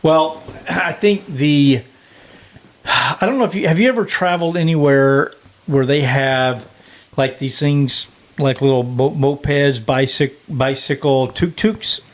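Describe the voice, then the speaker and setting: Brief: male co-host, somewhat high voice, chatty, self-mocking laughter. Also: measured pace. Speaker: podcast co-host. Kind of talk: casual chat.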